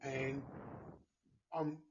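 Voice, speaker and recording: A man's voice: medium pitch, level tone, drawn-out words, muffled recording, slight background noise. A man with an Australian accent chatting earnestly and enthusiastically as a guest author. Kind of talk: casual chat.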